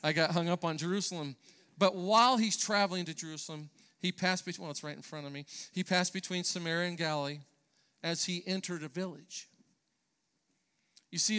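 Bright, high-voiced preaching man. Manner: earnest, emphatic preaching with restarts. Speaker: pastor. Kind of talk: sermon. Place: church.

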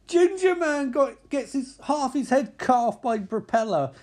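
A man with a high voice, casually recapping a film scene by scene. He bursts into the characters' lines, swears freely and climbs into shrill yelps at the exciting moments. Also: normal speed. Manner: animated, acts out characters' lines, swears a lot. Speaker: film commentator.

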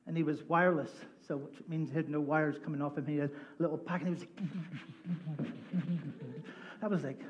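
A male pastor with a fairly high voice preaches a lively sermon. He tells stories with humor and slips into voices for the people in them. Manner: animated, jokey, acts out voices in his stories. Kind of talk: sermon with storytelling. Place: church sanctuary.

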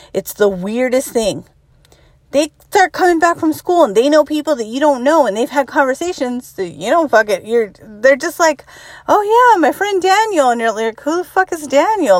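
A woman in her thirties delivering a profane, exasperated comedic rant about parenting. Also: no echo. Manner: exasperated, swears constantly, mimics others in high voices.

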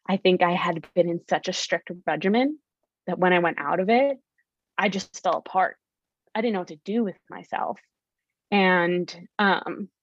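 A woman's voice: mid-range voice, no echo, muffled recording. A young woman, a podcast guest, candidly telling her story and acting out her past self in quoted lines.

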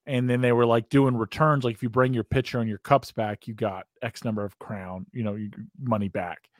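It's a man's mid-range voice, brisk and steady in tone, with studio quality and no room sound. He's an American podcast host from the United States, spinning a long, profane, rambling tale in casual chat and often breaking into laughter.

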